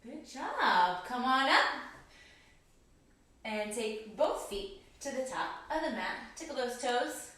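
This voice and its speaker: Bright, slow-paced woman leading kids yoga. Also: a little high, very animated. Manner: encouraging, cueing breaths and counting down. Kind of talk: guided kids yoga class. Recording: echoey room, voice from a distance.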